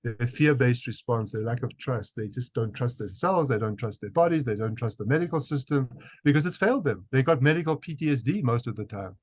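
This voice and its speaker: A man's voice: medium pitch, lively intonation, fairly quick, hardly any pauses, a little mellow, no echo. A man with a South African accent, a physician answering interview questions emphatically, often repeating words as he restarts. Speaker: guest physician.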